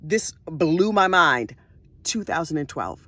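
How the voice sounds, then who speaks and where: A woman casually telling a true crime story in an animated way, full of sassy asides. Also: low-pitched, takes it slowly, husky, no echo.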